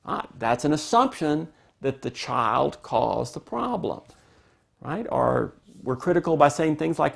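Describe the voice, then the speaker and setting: Gravelly man explaining parenting skills. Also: fairly high pitch, a little slow. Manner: calm, explanatory, acts out parent and child quotes. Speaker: parenting instructor. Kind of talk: spoken parenting lesson.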